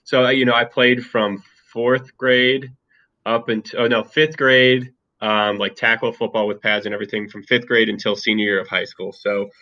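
A man's voice: medium pitch, moderate pace, highs cut off. A man chatting casually about a movie and his school football days, rambling a little with many fillers. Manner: relaxed and talkative, with many fillers. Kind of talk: casual chat.

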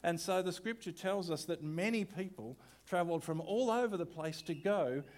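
A man's voice: high voice, moderate pace. A man, a pastor giving a sermon in a conversational way with rhetorical questions.

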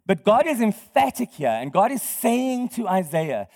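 High-voiced man preaching in a reverberant hall. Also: very animated, measured pace, few pauses, darkish tone. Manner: conversational, quizzes the congregation, laughs often. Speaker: pastor. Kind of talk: sermon.

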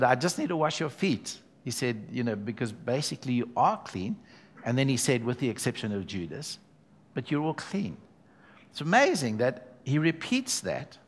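A man preaching a sermon to his church, emphatic and conversational, calling out to the congregation as he goes. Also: mid-range voice. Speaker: pastor.

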